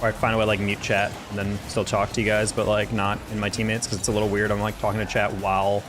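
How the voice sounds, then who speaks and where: A man's voice: lowish voice, flat delivery, quick pace, over music. Laid-back young man ranting at chat. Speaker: streamer. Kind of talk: casual gameplay commentary to chat.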